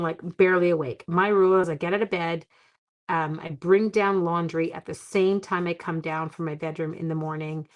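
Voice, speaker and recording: Chatty woman teaching a crafting livestream. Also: lowish voice. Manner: chatty, rambling asides to viewers and her dog. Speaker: card-making instructor. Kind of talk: live-streamed crafting tutorial. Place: home craft room.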